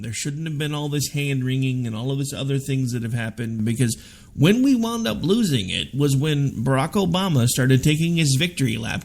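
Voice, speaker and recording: A man hosting a political talk radio show, arguing his views forcefully. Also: mid-range voice, vocal fry. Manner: forceful, opinionated, argumentative.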